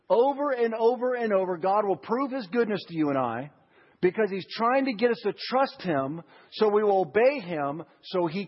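A man's voice: high-pitched, slightly rough. A man preaching a sermon in a church. He asks the congregation questions and builds to emphatic lines. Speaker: pastor. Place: church sanctuary. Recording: dull audio with long church reverb.

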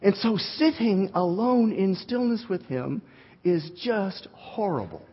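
A male pastor preaching an animated sermon, joking with his congregation. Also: sits high, takes it slowly, husky. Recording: dull recording in a reverberant hall.

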